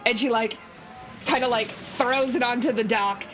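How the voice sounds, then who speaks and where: A woman running a tabletop game, casual and chatty, peppering her narration with fillers and giggles. Her voice sits fairly high, with clear background music playing behind her. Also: fairly even intonation, moderate pace, fairly bright tone, rough recording. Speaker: game master.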